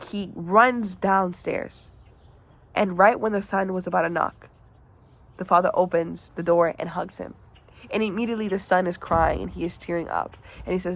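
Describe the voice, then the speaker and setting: A young woman retelling a parable for a class, then reflecting on it in an earnest, halting way with restarts. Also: mid-range voice, steady tone, gravelly, poor audio. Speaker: student presenter.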